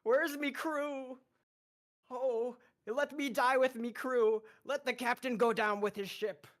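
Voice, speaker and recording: A man's voice: very high-pitched, steady tone, takes it slowly, a bit bright, voice pushed up, full character voice. A man voicing a young gray-haired pirate airship captain who wails dramatically in put-on pirate speech, over an online voice chat mic. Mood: frantic wailing. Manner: theatrical, wailing for his lost crew.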